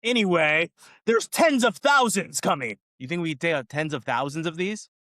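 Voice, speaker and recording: A man's voice: fairly high pitch, animated, moderate pace, fairly bright tone, no echo, clean studio sound. A man co-hosting a podcast, ranting in casual chat about a film he found silly, with exasperated asides. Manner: ranting, exasperated, quotes lines in mocking voices. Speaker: podcast co-host. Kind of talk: casual movie review chat.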